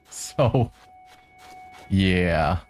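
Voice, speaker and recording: A man talks through his gameplay in a relaxed, lowish voice. He makes dry, wry asides and talks to the enemies on screen. Faint ambience sits under him. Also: extremely slow, a little hiss or hum. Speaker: game streamer. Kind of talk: let's-play commentary.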